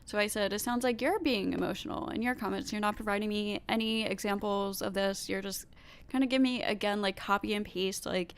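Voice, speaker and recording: A woman with a stuffy nose reading viewer comments aloud and giving her own measured replies, with fillers and pauses. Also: mid-range voice, fairly even intonation, clear, resonant tone. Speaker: commentary video host.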